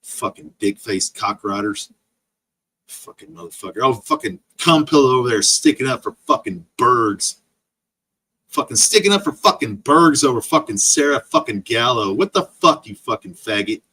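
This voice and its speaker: A man's voice: medium pitch, expressive, moderate pace, bright, forceful tone, breathy edge. A man streaming an angry, profane rant full of insults. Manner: profane, insult-laden ranting.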